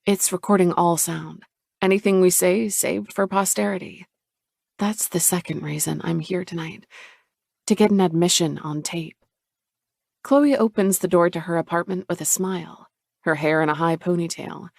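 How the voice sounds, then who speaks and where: Woman reading a romance audiobook, low voice with some fry, dry close sound. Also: fairly even intonation, normal speed, darkish tone, no echo. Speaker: audiobook narrator. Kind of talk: scripted romance narration.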